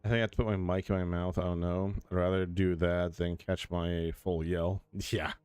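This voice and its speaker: A man's voice: deep voice, level tone, normal speed, a little mellow, clear, resonant tone, dry recording, soft background music. A young man streaming a game, chatting loosely and joking in a rambling way. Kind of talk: casual gameplay commentary. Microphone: desk mic with compressor.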